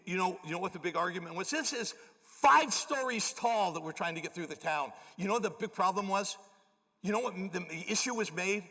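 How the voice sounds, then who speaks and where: Gravelly pastor in a reverberant church hall. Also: male voice, high-pitched. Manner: acts out quoted people with lively shifts. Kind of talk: sermon storytelling. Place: church auditorium. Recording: large hall with long reverb.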